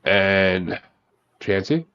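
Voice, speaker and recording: A deep-voiced, animated man draws out his words while hosting a casual music podcast, swearing freely and calling on guests by name over an online call for bracket talk. The recording is dry with the highs cut off.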